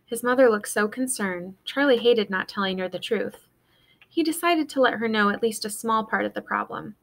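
A woman reads a children's novel aloud for her students at a steady middle pitch. She lifts her voice for the characters and drops low for the narration. The delivery is clear and expressive. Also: moderate pace. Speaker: teacher reading aloud. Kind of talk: storybook read-aloud.

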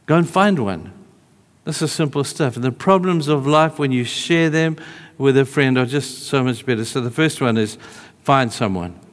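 A man preaching a sermon in a church hall, conversational, moving between emphatic calls and hushed, tender asides. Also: medium pitch, normal speed.

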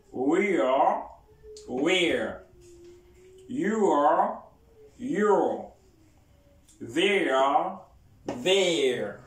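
A man with a Haitian accent teaching English to Creole speakers, slowly drilling phrases for students to repeat. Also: a little high. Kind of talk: language lesson, drilling phrases. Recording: roomy sound from a distant mic.

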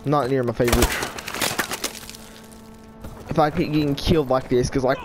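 Frustrated gamer. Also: male voice, medium pitch, steady tone, normal speed, very noisy. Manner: frustrated, rambling, whiny. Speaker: gaming YouTuber. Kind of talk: live gameplay commentary.

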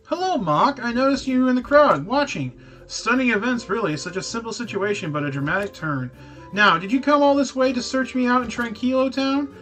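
A man voicing a composed, formal professor from a game in a bright, clear tone. The lines come measured and proper over faint music. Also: very high voice, expressive, voice pushed up.

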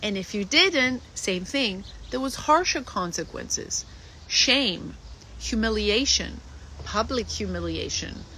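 A woman's voice: medium pitch, animated, slow pace, pushed and bright, slight background noise, rough recording. A woman acting coach giving an emphatic teaching talk to actors, listing words in rhythmic runs.

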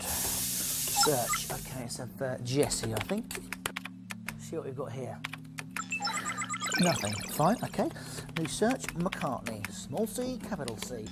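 A man's voice: sits high, sing-song, moderate pace, loud music behind the voice. A man presenting children's TV, talking in a cheeky, jokey, chatty way. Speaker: kids' TV presenter. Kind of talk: playful presenting and chat.

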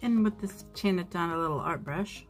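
A woman's voice: fairly low pitch, normal speed, soft background music. A woman narrating a nail art tutorial at home, chatty and self-deprecating, with frequent ums.

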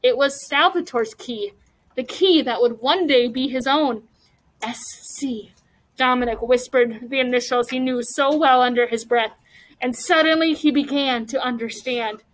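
A woman teacher reading a chapter book aloud to her class, animated and stopping to ask the children questions. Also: high-pitched, moderate pace, rough recording.

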